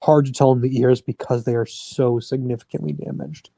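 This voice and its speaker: A man's voice: mid-range voice, fairly even intonation, a little fast, gravelly, warm tone, no echo. A man running a tabletop game, narrating casually and often restarting mid-phrase. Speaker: game master.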